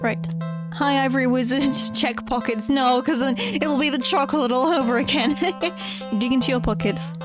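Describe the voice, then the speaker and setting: A woman's voice: high-pitched, lively intonation, moderate pace, music in the background. A woman streaming a game, reading its narration aloud with laughs and stammered asides. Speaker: gaming streamer.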